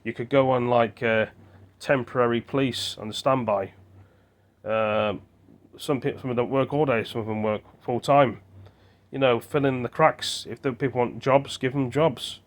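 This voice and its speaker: A man's voice: mid-range voice, steady tone, moderate pace. A British man vlogging into his phone, rambling and thinking aloud with many fillers and restarts. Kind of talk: rambling casual monologue to camera.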